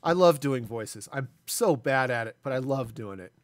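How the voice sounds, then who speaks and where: A man's voice: mid-range voice, expressive, normal speed, dry recording. A man in his forties chatting casually and self-deprecatingly as he streams a building game. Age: 40s. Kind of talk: casual live gameplay commentary.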